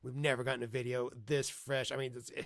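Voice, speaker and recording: Gravelly man mocking in dry commentary. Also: mid-range voice, little pitch movement, fast talker, a bit bright, no echo. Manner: mocking, profane, gleeful. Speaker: streamer reacting to videos. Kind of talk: live stream commentary.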